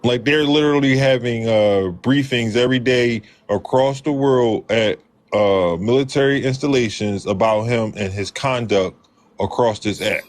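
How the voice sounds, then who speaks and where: A man arguing in a casual debate, insistent and pressing his questions firmly. His voice sits at an ordinary middle pitch for a man. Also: moderate pace.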